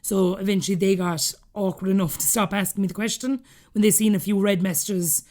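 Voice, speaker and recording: A woman's voice: mid-range voice, fairly even intonation, a little fast, a little mellow. An Irish woman in her thirties with a Cork accent, a podcast guest chatting through personal stories, laughing often as she talks. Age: 30s. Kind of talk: casual storytelling interview.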